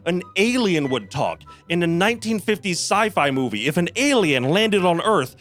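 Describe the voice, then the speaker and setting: Man reviewer, animated and sarcastic, swears freely, slightly high. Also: normal speed, few pauses, faint music behind. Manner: sarcastic, profane ranting. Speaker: game reviewer. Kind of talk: scripted comedic video-game review.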